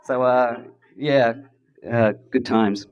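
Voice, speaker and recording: Speaking slowly with fairly even intonation, a middle-aged man from Adelaide, Australia shares his story before an audience in an event hall, drawing laughter. His mid-range voice comes through a muffled recording, and his humor is wry and self-deprecating, with playful impressions and asides.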